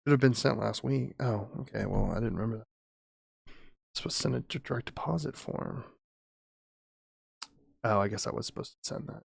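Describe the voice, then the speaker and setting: Gravelly, rambling male streamer in a home studio. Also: medium pitch, normal speed, pauses often, no room sound. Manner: rambling, swearing, chatty with viewers. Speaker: streamer and audio engineer. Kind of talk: casual live-stream chat. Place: home studio with sound panels.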